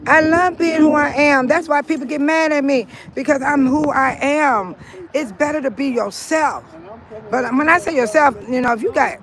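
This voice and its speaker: A woman from California talking in a casual vlog, chatty and animated, laughing often. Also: high-pitched. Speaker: vlogger. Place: outdoors and in a car.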